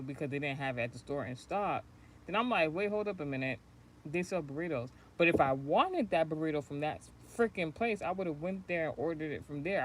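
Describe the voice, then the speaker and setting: Slight background noise sits behind this low-pitched woman as she hosts a spiritual channel livestream. Telling a lengthy story casually, she rambles, swears, and keeps laughing.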